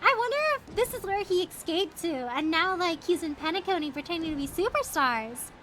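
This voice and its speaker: A young woman streaming a game, chatting in a bubbly, excitable way and saying 'like' and 'bro' a lot. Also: very high-pitched, a little fast, background noise. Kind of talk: casual gaming stream chat.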